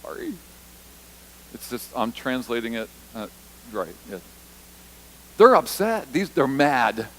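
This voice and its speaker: A man's voice: mid-range voice, very animated, slow pace, long pauses, a little hiss or hum, low-quality recording. Man, pastor, church sermon, conversational, repeats key lines, acts out quotes. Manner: conversational, repeats for emphasis, frequent "right?"; acts out the disciples' and Jesus's lines in short quoted voices.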